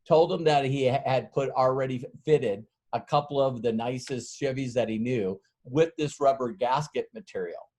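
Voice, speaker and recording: A man's voice: medium pitch, darkish tone. Man, middle-aged, sales trainer, folksy, rambling, acts out voices, laughs a lot. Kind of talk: storytelling sales training talk.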